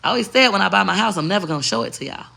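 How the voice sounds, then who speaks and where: A woman's voice: mid-range voice, animated, rapid-fire, creaky, sharp tone. A woman content creator in a casual, heavily profane vlog rant, talking straight to her viewers and moving between slang and a proper voice. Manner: emphatic and preachy.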